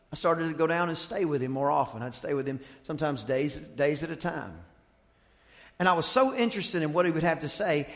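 A male pastor preaching a sermon, high-pitched and ringing. He moves from soft, measured talk to fervent, shouted storytelling. The sound carries the long reverb of a church hall. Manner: builds from quiet to shouting fervor, storytelling. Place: church sanctuary.

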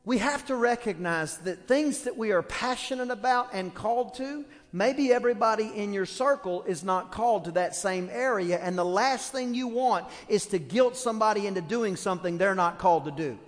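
A male pastor preaching a sermon, telling stories with lively acted-out quotes. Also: high voice, moderate pace, few pauses. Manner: animated storytelling with acted quotes. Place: church. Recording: long hall reverb.

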